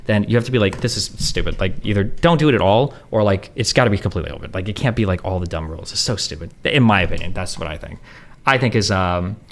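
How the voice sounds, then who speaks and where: Fast-talking low-voiced man ranting. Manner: rapid, profane, heavy on fillers like "like" and "um". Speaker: streamer answering chat questions. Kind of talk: casual rambling monologue.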